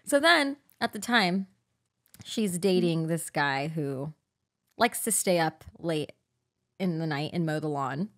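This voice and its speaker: A young woman co-hosting a casual chat podcast. She tells a story in an animated way and acts out every quote with sudden jumps in loudness. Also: low-pitched, slow pace. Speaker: podcast co-host.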